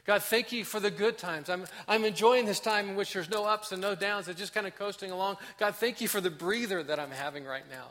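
Male pastor, high bright voice, impassioned sermon delivery with acted-out prayers. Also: brisk, few pauses. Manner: impassioned preaching, acts out prayers, drops to soft emphasis.

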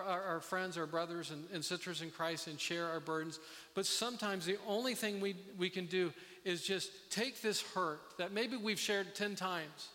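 A middle-aged man preaching a sermon as pastor, earnest and halting, with many restarts. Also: sits high, pushed and bright. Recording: long reverb of a hall.

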